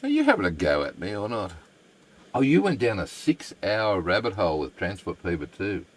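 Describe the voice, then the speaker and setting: A man streaming a game live, thinking aloud in a halting, rambling way and chatting to his viewers. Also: lowish voice, sing-song.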